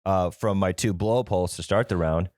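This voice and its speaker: A man's voice: deep voice, a little fast, darkish tone, no room sound, studio quality. A young man co-hosting a golf podcast who tells stories with plenty of swearing and acts out both sides of an exchange. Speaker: podcast co-host. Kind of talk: casual chat.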